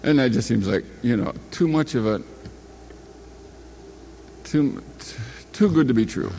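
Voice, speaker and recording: An older man with an expressive, warm, mid-range voice tells a long personal anecdote at a measured pace. His storytelling is folksy and meandering, and he often stops to correct himself. There's slight background noise.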